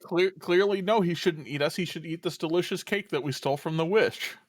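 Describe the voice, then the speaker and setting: A man on a live game stream deciding where to go next, with deadpan jokes. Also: on the high side, brisk, no room sound, studio quality. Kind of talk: casual banter.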